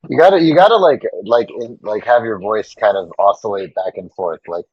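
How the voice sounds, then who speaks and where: A man at a tabletop game speaking in a lowish, husky voice that moves lively up and down. The sound is dry and a little dull. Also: normal speed, dry recording. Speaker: player.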